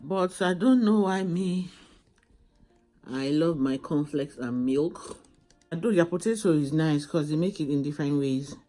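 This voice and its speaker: A woman's voice: low voice, measured pace, mellow, faint music behind. A pregnant woman in a hospital room, tired while awaiting labor, chatting casually to camera and circling back to the same phrases. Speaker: vlogger.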